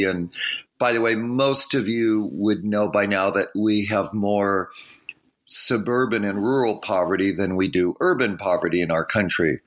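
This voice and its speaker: Measured low-voiced male guest. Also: fairly bright tone. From San Diego, California. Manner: measured, explanatory. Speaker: education researcher and author, guest. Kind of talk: interview answers.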